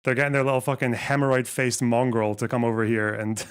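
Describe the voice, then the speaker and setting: A man's voice: medium pitch, fairly even intonation, quick pace, clean tone. Sarcastic, swearing male streamer. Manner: profane, sarcastic, scornful. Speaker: streamer reacting to a video. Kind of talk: live-stream reaction commentary.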